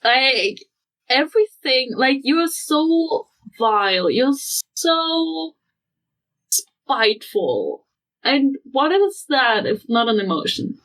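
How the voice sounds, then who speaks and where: High, swooping young woman podcaster. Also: sing-song, slow, a bit bright, low-quality recording. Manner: exasperated, blunt, swears. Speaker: podcast co-host. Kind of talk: casual chat.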